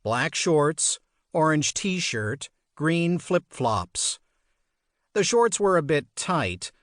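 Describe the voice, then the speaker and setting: A man narrating an audiobook in a measured, expressive storytelling manner. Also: a little high, no room sound, clean studio sound. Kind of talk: scripted narration.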